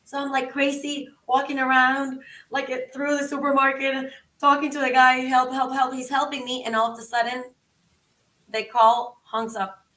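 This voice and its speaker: A woman guest on a podcast, telling a story in an animated, excitable way and acting out the quotes. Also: high voice, moderate pace, roomy sound, far from the mic, rough recording. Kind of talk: casual storytelling.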